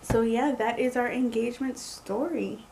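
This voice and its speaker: A woman's voice: fairly high pitch, normal speed, creaky, slight background noise, rough recording. Chatty young woman telling a story. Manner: animated, chatty, many likes. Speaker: vlogger. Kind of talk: casual storytelling.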